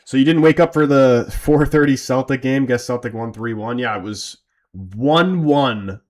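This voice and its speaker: A man's voice: mid-range voice, normal speed, a little mellow. A man streaming a football watch-along, mixing casual chat with live play-by-play, tired from little sleep, loose and slangy.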